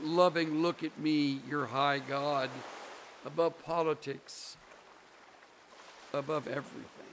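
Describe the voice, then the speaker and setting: Slow, emphatic preaching man over waves. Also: a little high, steady tone, fairly bright tone, slight background noise. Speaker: pastor. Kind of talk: sermon. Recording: sermon recording under ocean wave sounds.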